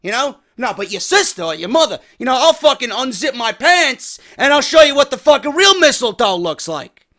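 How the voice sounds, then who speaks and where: A man in his thirties with a New York accent and a hoarse voice, telling a story as a profane, angry rant with loud bursts. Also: very high voice, very animated, moderate pace. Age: 30s. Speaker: wrestling podcast host.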